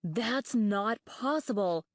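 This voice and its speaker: A woman voicing a nervous, bookish young male dragon in an audiobook, talking in anxious, rapid reasoning and stammers. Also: mid-range voice, lively intonation, no room sound, studio quality, pitched above the performer's own voice. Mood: panicked. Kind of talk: audiobook character voice.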